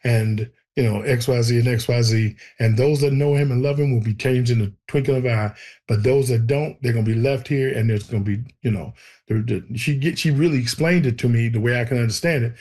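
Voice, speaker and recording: A man telling a personal story in an animated way, acting out the voices of the people in it. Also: mid-range voice, fairly quick. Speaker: guest telling his testimony.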